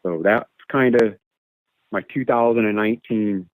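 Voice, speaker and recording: A man telling a camping encounter story in a casual, animated way, sometimes imitating animal calls, heard over a phone line. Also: on the low side, measured pace, dry recording. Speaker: caller sharing an encounter story.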